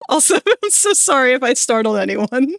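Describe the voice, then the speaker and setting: Soft-spoken woman streamer. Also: sits high, big pitch swings, normal speed, vocal fry, no room sound, studio quality. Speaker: livestreamer. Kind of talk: casual stream chat. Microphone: desk microphone.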